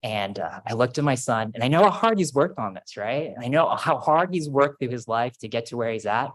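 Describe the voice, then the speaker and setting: In a low-quality recording from a podium microphone, a male faculty speaker addresses a ceremony in a big auditorium. He's brisk and animated, with a medium pitch and lively intonation, and he keeps things casual with self-deprecating anecdotes.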